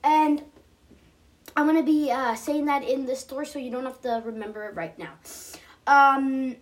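A woman's voice: high-pitched, normal speed. A woman hosting a podcast, telling an improvised story in a rambling way with many fillers.

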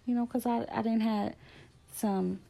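A woman's voice: a little high, steady tone, gravelly, dark tone. A middle-aged woman casually telling a personal story, candid and emphatic in how she talks. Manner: candid, emphatic, drifting between fast and slow. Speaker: speaker sharing a personal story.

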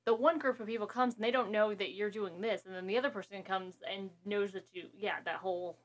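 A woman's voice: mid-range voice, fairly even intonation. A woman co-hosting a podcast, chatting casually and rambling about a movie as she watches it. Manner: rambling, quick asides, laughs. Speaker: podcast co-host.

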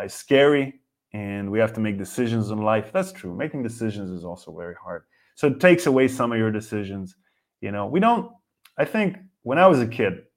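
Man, thirties, from Israel, comedy host, rambling profane rant, swooping lively pitch.

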